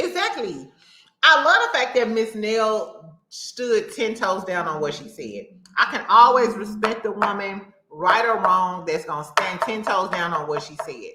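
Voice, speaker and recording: A woman's voice: mid-range voice, big pitch swings, a little slow, bright, forceful tone. A woman hosting a casual reality show recap, blunt and profane, full of slang and asides to viewers. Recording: echoey room.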